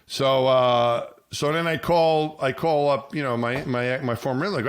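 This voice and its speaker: A middle-aged man tells a long, rambling story on a podcast, circling back and restarting his sentences. His voice sits at a middle pitch and gets animated whenever he quotes other people. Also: moderate pace. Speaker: podcast co-host, former astronaut. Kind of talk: casual storytelling chat.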